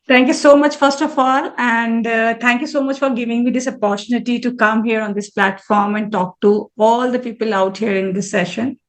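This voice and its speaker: A woman in her forties answers an interviewer in front of a live audience, in a high, bright register. She is earnest and reflective, and she often restarts her sentences midway. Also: steady tone, moderate pace, hardly any pauses. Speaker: interview guest, mandala artist.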